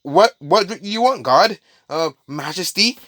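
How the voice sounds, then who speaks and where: A man's voice: high voice, animated, unhurried, fairly bright tone, no room sound, voice pushed up. A frightened townsman, frantic and stammering, pleads in a raised, strained voice, as a man acts him out while telling a story. The sound is dry and close, with no room around it. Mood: panicked. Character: panicked adult male townsman, frightened and groveling.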